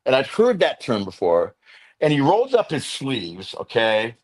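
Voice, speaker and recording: A man's voice: medium pitch, a little slow. Middle-aged man telling his story. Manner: animated storyteller, acts out quotes, fillers like "you know". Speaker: guest, interventionist and veteran. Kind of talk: candid storytelling interview.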